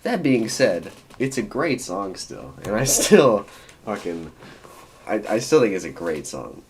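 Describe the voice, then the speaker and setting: A man's voice: on the low side, sing-song, measured pace, background noise. A man hosting a casual album reaction, blunt and profane, laughing at his own rants. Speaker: music reaction host.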